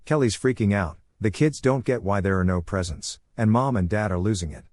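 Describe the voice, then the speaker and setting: A man's voice: on the low side, fairly quick, a little mellow, no room sound, close to an everyday voice. A man voicing a smug adult brother who sneers and snaps, recorded close and dry. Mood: sneering. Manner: sneering, snappish.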